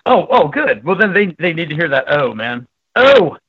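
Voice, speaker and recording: A man calling in as a guest for a casual interview, talking in a rambling, halting, self-deprecating way. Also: fairly high pitch, sing-song, husky, dry recording. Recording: dull dry phone call.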